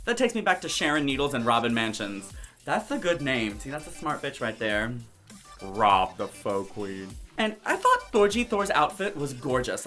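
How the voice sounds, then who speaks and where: A man's voice: sits high, pushed and bright. A drag queen recapping a TV show in sassy, profane, theatrical commentary, often mimicking other people in quotes. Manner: brash, campy, profane, theatrical.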